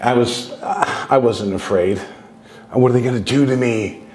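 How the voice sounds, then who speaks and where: A man's voice: medium pitch, unhurried, darkish tone. A man in his sixties telling long, loose personal stories as a guest speaker, restarting sentences and acting out bits of dialogue. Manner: loose and digressive, with frequent restarts and acted quotes. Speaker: guest speaker on contact experiences. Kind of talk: rambling anecdotal storytelling. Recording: roomy echoey sound.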